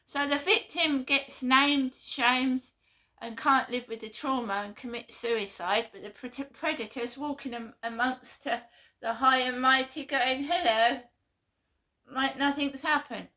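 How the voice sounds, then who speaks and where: A woman's voice: high-pitched, fairly even intonation, unhurried, pushed and bright. A woman giving a blunt, earnest vlog monologue, often repeating herself. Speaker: vlogger. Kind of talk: impassioned monologue.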